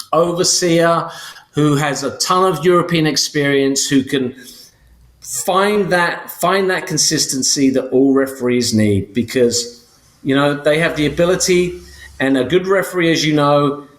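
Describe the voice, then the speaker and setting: Rambling English man, slightly high voice. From England. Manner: rambling, many fillers and restarts. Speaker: co-host. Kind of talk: casual podcast chat.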